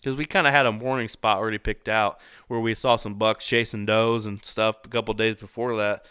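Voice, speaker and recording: Bright-voiced man telling a hunting story. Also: fairly low pitch, a little fast, clean tone, no room sound, studio quality. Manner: animated, laughs often, acts out voices in quotes. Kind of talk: casual storytelling.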